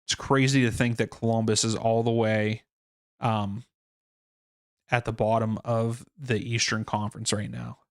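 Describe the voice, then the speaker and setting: A man's voice: lowish voice, flat delivery, unhurried, no room sound, clean studio sound. Rambling man hosting a soccer watchalong. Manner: rambling, thinking aloud with fillers and restarts. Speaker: livestream watchalong host. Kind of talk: casual live soccer watchalong chat.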